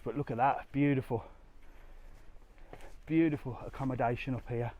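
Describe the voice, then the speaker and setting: A man's voice: mid-range voice, fairly even intonation, moderate pace, dull audio. A middle-aged man on a live walking vlog outdoors, chatting to viewers and getting out of breath on the stairs. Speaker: travel vlogger. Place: outdoors on a hillside walk.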